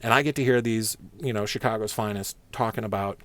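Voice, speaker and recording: A man telling a personal story in a casual, rambling way, calm and profane. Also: lowish voice, a little fast, no room sound.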